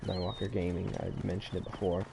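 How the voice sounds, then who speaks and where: American male gamer host, low, gravel-edged voice, loose rambling commentary. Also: flat delivery, a little fast, noisy background. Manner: rambling, chatty, self-interrupting. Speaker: gaming channel host. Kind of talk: casual let's-play commentary. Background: game music.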